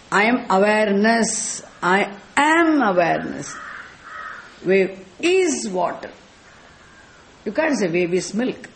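A spiritual teacher from Tamil Nadu, India, speaking with a South Indian accent, delivers a scriptural lecture. Her voice is medium-pitched, and she quizzes listeners with rhetorical questions about Sanskrit terms.

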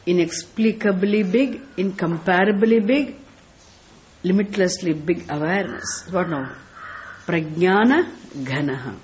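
A woman's voice: lowish voice, a little slow, a little mellow, slight background noise. A woman from South India with a South Indian accent, giving a scriptural lecture as a spiritual teacher and quizzing her listeners with rhetorical questions about Sanskrit terms. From Tamil Nadu, India.

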